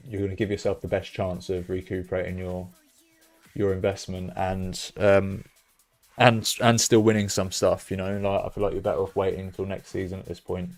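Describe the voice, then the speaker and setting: Excitable British streamer, low voice. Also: male voice. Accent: British English. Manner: excitable, loud bursts of cheering and swearing. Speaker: streamer hosting a fantasy football stream. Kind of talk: casual live-stream chat, reading out chat messages.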